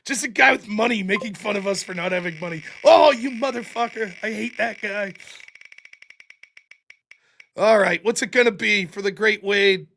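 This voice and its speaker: A man with a high, bright, ringing voice hosts a casual live stream. He rambles through stories, breaks into laughter and swears freely. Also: moderate pace, vocal fry, soft background music. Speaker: livestream host. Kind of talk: casual livestream chat reading chat.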